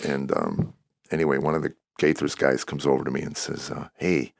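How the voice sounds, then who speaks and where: Man, 60s, comedian guest, very low gravelly voice, animated storytelling, acts out dialogue. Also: a little fast, no room sound, studio quality. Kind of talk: storytelling in a podcast interview.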